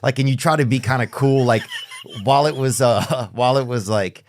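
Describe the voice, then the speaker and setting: A man's voice: mid-range voice, moderate pace, slight background noise. A man hosting a podcast, talking in a rambling, laid-back way with lots of fillers. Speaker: podcast host. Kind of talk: casual chat.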